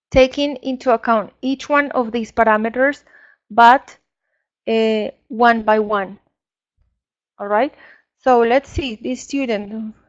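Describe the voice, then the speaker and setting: A woman whose first language is Spanish, leading an online training for English teachers, explaining slowly with many fillers. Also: fairly high pitch, highs cut off. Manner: slow, explanatory, with frequent fillers.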